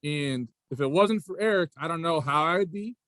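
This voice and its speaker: Chatty coach, slightly high voice. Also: male voice, normal speed, fairly bright tone, dry recording. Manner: rambling, repeats "again" and "right?", frequent restarts. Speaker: high school basketball coach and athletic director. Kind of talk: casual interview storytelling.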